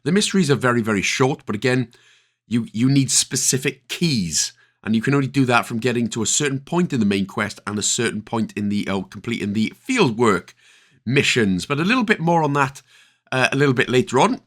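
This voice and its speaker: Chatty Northern Irish man, lively pitch. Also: a little fast. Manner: chatty, with jokey asides and mock exasperation. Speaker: video game guide creator. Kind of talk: casual gameplay walkthrough commentary.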